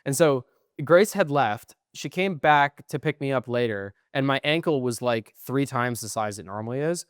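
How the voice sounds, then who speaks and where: A tired young man co-hosting a podcast, telling long, profane, rambling stories and trailing off quietly at the ends of phrases. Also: medium pitch, brisk, no room sound, clean studio sound. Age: young adult. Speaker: podcast co-host. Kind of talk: casual chat.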